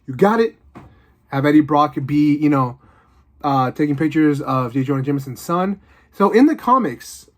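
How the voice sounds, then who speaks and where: A man chats casually as he pitches his fan ideas for superhero films, rambling and excitable with plenty of fillers. His voice sits a little high for a man. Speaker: video host.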